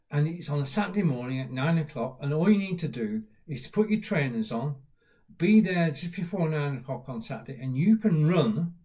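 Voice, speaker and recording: A man's voice: mid-range voice, a little mellow. Chatty British man hosting a livestream. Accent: British English. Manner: chatty, greets viewers by name, lots of uh fillers. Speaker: livestream host. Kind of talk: casual live-stream chat.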